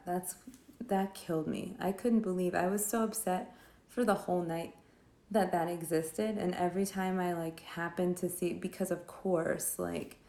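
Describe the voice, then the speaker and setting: A woman's voice: on the low side, a little mellow, roomy sound. A woman vlogger casually roasting a film while she draws, rambling and sarcastic, with lots of fillers. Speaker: vlogger reviewing films while drawing.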